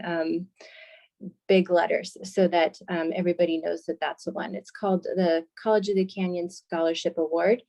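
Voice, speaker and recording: A woman with a slightly low voice presents over a video call as a scholarship specialist. She explains things in a friendly way and often pauses on filler words. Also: darkish tone.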